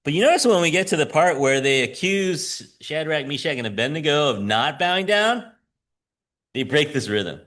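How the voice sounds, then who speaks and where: A man's voice: fairly high pitch, lively intonation, normal speed, fairly bright tone. A man who teaches school, preaching a conversational sermon with frequent chuckles and "right?" asides.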